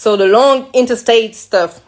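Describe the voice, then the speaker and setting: French woman frankly recounting, slightly high. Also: unhurried. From France. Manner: emotional and frank, with frequent restarts and slips. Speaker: guest. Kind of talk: candid personal recounting.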